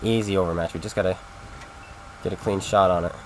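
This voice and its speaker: A man's voice: deep voice, fairly even intonation, fast talker. A man casually talking to his stream chat while playing a game, in a rambling, chatty way. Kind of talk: casual live-stream commentary.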